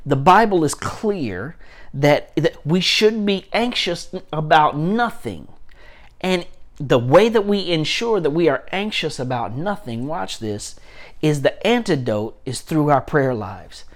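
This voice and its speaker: A man's voice: fairly high pitch, animated, slow pace. A man, a pastor, preaching a sermon with emphatic repetition and frequent restarts.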